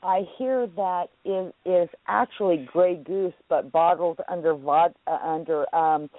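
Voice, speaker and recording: A woman's voice: fairly low pitch, unhurried, dry recording. A woman hosting a casual radio talk show, chatty and rambling, laughing as she talks. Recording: phone-like radio audio.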